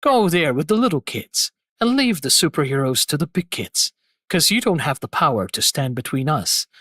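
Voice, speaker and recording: A man's voice: on the high side, very animated, normal speed, a bit bright, husky, no room sound, clean studio sound, voice pushed down, heavily acted. A man voicing a sneering male villain who mocks and belittles a rookie hero. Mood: taunting. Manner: taunting, condescending.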